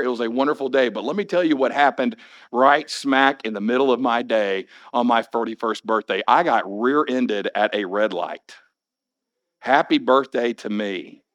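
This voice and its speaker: A hoarse man in his forties, a pastor preaching a sermon in church and telling personal stories with wry humor. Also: on the high side, a bit bright. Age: 40s. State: hoarse after illness. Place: church sanctuary.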